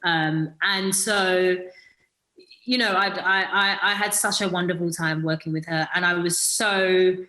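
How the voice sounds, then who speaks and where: In a fairly low, steady, sharp voice, a bit on the slow side, the British woman reflects on her acting role as an interview guest. The casual talk is full of fillers and restarts, captured on poor-quality audio.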